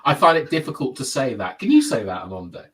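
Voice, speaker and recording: Talking at a quick pace in a medium pitch, a man runs a live football chat show and reads viewers' comments aloud. It's a casual live-stream, and he's animated, chatty and quick to laugh, all on a low-quality recording.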